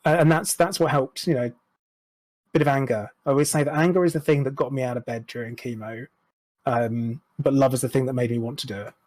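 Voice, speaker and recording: A man's voice: mid-range voice, fairly even intonation, a little fast, a little mellow, dry recording, rough recording. Guy talking straight, reflective, cusses a bit, dry close mic. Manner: frank, reflective, swears casually. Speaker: podcast guest. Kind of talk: candid interview chat.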